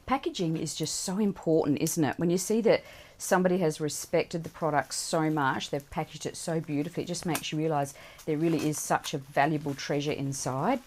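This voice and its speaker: Gushing, excited woman vlogger. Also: low-pitched, fairly quick, a little hiss or hum. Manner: warm and chatty, talking to viewers. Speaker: children's book author. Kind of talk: unboxing vlog.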